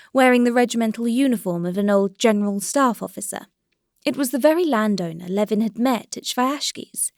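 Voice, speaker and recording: A woman narrating a classic novel as an audiobook in a steady, even storytelling voice. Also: fairly high pitch, no room sound, studio quality. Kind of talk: scripted narration.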